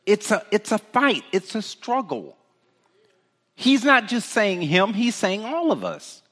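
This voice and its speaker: A man preaching a loose, conversational sermon with a high, lively voice that swings all over. His tone is bright and emphatic, and he keeps tossing rhetorical questions to the room. Long reverb trails behind every phrase, as in a large hall. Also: slow. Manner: animated, emphatic, rhetorical "right?" asides. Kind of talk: informal sermon.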